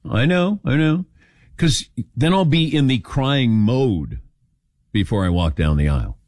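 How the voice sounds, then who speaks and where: A man's voice: medium pitch, animated, unhurried, a little mellow, no room sound, clean studio sound. An older man hosting a radio talk show, telling stories and acting out quoted lines in casual chat.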